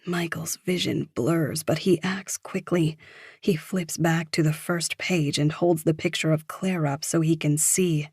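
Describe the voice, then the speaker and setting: A woman narrating a psychological thriller audiobook in a steady, measured storytelling voice. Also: low voice, slightly rough, dry recording, studio quality.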